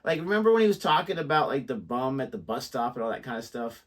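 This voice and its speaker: A man's voice: mid-range voice, big pitch swings, fast talker. Hesitant man chatting, full of "like". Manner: hesitant, lots of "like". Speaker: reaction channel co-host. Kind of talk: casual chat.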